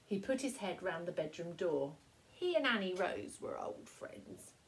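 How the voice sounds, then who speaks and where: A woman primary school teacher reading a picture book aloud to young children, with slow, expressive storytelling. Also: on the low side, low-quality recording.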